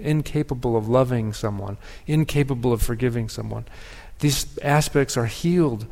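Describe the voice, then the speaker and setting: A man giving a sermon as pastor, speaking in a reflective, measured way with pauses and restarts. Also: medium pitch, darkish tone. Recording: long hall reverb.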